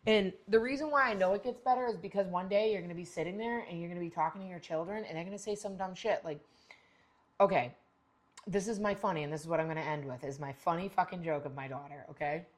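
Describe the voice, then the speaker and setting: A middle-aged woman hosting a podcast, talking bluntly in a rambling, profane monologue that jumps to loud, high exclamations. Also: fast talker. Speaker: podcast host. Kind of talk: casual monologue.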